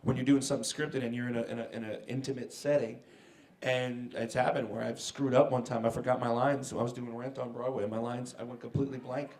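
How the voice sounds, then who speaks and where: In an echoey convention hall, a man in his forties appears as a celebrity guest on a panel. He talks fast in a medium-pitched voice, animatedly telling stories, laughing, and acting out quotes.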